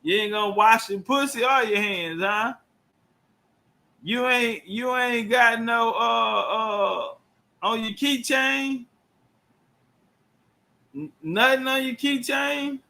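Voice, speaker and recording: Speaking slowly with long pauses and vocal fry, this man has a very high, pushed and bright voice. As a livestream commentator, he delivers crude, casual live commentary full of heavy slang, heckling and laughing as he goes.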